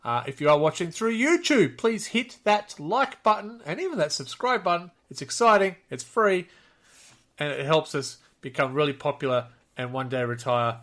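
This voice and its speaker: Upbeat Australian male podcast host, high and bright, self-mocking humor. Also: lively intonation, moderate pace. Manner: jokey, laughs often, self-deprecating. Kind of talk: casual podcast chat.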